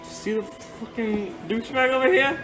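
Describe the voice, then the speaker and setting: A woman voicing a crude male street ruffian, with a clumsy mock rough accent. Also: mid-range voice, animated, slow pace, pushed and bright, faint music behind, poor audio. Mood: taunting.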